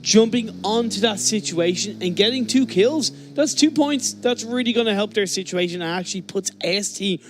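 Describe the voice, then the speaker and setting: A man's voice: high voice, normal speed, few pauses, slight background noise. Male esports color commentator. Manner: analytical, drops his voice when addressing his co-caster.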